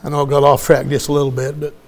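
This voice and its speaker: A man's voice: fairly high pitch, monotone, very fast, vocal fry, darkish tone. A middle-aged man, preaching a sermon as he tells a story in a folksy way and acts out the voices of the people in it. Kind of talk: sermon testimony.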